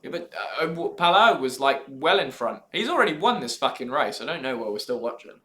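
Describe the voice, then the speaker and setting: A man's voice: mid-range voice, sing-song, pushed and bright, roomy sound. A man co-hosting a casual live stream while watching a race, joking and swearing as he goes. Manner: joking, swearing, quick back-and-forth. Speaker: stream co-host.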